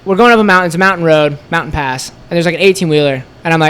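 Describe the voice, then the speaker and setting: With a slightly high, resonant voice and a clear, rapid-fire delivery, a store co-owner appearing as a podcast guest recounts a road trip. He's animated, acts out each person's lines, and leans heavily on "like."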